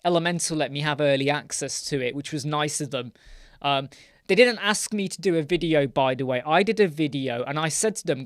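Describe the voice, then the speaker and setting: Guy hosting a live stream q&a, chatty, keeps saying hi to viewers, bit higher voice, dry sound. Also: a little fast, no echo. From United Kingdom. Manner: chatty, greets viewers mid-sentence, thinks aloud. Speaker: host of a live web design Q&A. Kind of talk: casual live-stream Q&A with screen demo.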